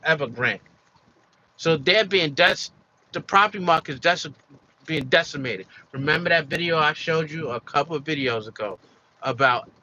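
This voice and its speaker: A man with a very bright, forceful voice pitched a little high delivers a casual opinion monologue for his channel. He hammers his points home, repeats himself and fills gaps with restarts. The recording sounds slightly dull and lo-fi, with a faint hiss of noise behind him. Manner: emphatic and repetitive, with many fillers and restarts. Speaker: commentary vlogger.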